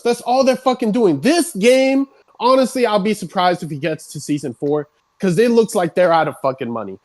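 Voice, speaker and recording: A streamer on a heated rant who swears constantly and builds up into shouting, voice starting to crack. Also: mid-range voice, lively intonation, a little fast.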